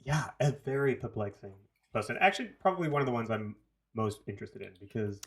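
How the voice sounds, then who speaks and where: A man's voice: medium pitch, expressive, quick pace. A man co-hosting a podcast, chatting casually with wry, dry asides. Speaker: podcast co-host. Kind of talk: casual chat about reality TV.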